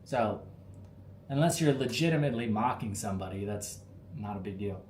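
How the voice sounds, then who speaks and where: An American man hosts a live stream, answering chat questions in a relaxed, rambling style packed with fillers. His lowish voice is animated and darkish in tone at normal speed, and the recording is roomy, with faint ambience and a slight hiss or hum.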